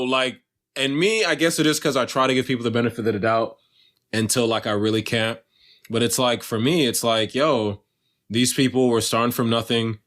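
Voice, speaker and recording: A man's voice: medium pitch, a bit bright. Young guy rambling on a podcast, keeps restarting sentences, swears a lot. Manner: rambling, self-interrupting, swears freely. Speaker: podcast co-host. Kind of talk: casual chat.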